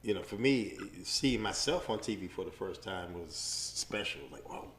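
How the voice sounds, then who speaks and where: A middle-aged man, a boxing referee, telling stories in a relaxed, rambling way with many fillers during an interview. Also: deep voice, moderate pace, slight background noise. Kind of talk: casual interview storytelling. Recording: echoey room.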